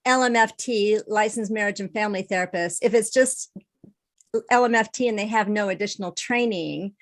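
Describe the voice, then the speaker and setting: A woman hosting a podcast conversation, her voice at an ordinary middle pitch for a woman. She is eager and engaged, jumping in with comments and posing follow-up questions in a casual, talkative way. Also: moderate pace. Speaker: podcast host and therapist.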